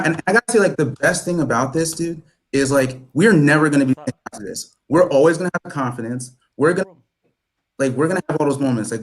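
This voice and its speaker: A man's voice: medium pitch, low-quality recording. A man in his twenties, a guest on a casual fan chat, talking enthusiastically with lots of "like" and some swearing. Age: 20s.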